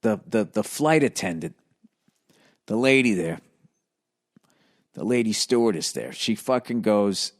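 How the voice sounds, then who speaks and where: A man's voice: lowish voice, animated, a little slow, pauses often. A middle-aged man hosting a comedy podcast, telling a rambling, profane story that works up into heated ranting. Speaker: podcast host.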